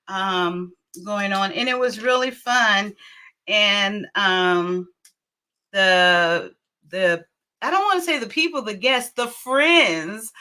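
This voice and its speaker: A woman's voice: medium pitch, bright, forceful tone. A middle-aged woman hosting a casual livestream, chatting and greeting viewers by name with frequent laughs. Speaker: livestream host.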